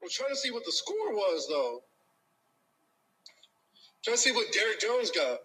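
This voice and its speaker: A man's voice: high-pitched, big pitch swings, a little slow, bright, forceful tone, slightly rough, poor audio. A young man in casual chat about sports, talking with frequent hesitations and restarts over a call. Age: young adult.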